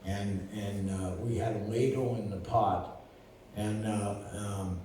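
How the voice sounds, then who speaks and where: A man's voice: on the low side, fairly even intonation, slow pace, warm tone. A man in his seventies, a lawyer, telling casual stories in a rambling way, full of fillers and restarts. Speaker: lawyer and guest. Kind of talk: casual storytelling. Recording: roomy distant recording with faint noise.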